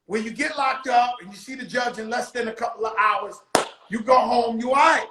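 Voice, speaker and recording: A man telling a story on his show in casual street talk, loudly acting out the quotes. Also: very high-pitched, moderate pace, reverberant, background noise. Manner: animated, acts out quotes loudly. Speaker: show host.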